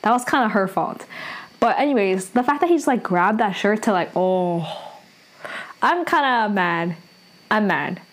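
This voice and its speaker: A woman's voice: mid-range voice, animated, measured pace, pauses often. Chatty young woman recapping a drama. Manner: chatty, lots of "like" and restarts. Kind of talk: casual recap and review.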